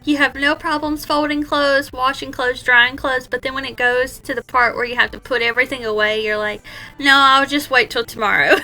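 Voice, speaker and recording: High, bright-voiced chatty woman vlogger. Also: poor audio. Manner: chatty, self-mocking, laughs often. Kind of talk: casual chat to camera. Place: at home.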